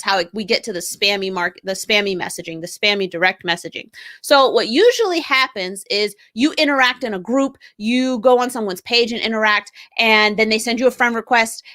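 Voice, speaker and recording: Casting: bright, fairly high-voiced woman as a chatty, upbeat live stream host. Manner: chatty, upbeat, greets commenters by name. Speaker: brand strategist hosting a live stream. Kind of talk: live stream talk to viewers.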